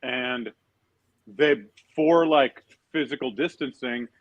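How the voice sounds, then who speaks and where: A man chatting as a podcast guest, telling dealer stories in a lively way and acting out the people he quotes. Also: mid-range voice, slow pace, dry recording, dull audio. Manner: animated, laughing, acts out quotes. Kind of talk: casual storytelling chat.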